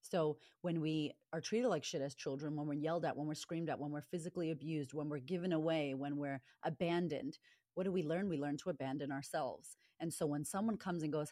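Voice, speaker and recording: A woman's voice: sits low, fairly quick, warm tone, dry recording, studio quality. A woman speaking as an interview guest and confidence coach, blunt and passionate, swearing freely. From Latina upbringing. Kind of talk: candid interview talk.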